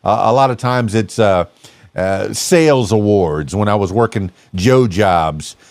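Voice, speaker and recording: A man's voice: lowish voice, unhurried, darkish tone, dry recording. A man hosting a casual podcast, playful and teasing, rambling with lots of fillers. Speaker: podcast host.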